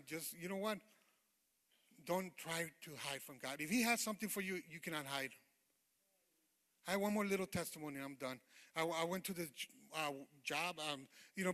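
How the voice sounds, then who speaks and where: A man preaches a fervent, informal testimony in a church sanctuary, stopping to call out "amen" to the congregation. His voice sits high and bright. The room adds a long, echoing reverb. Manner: informal, rambling, with many fillers. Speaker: lay preacher giving a testimony. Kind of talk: sermon testimony.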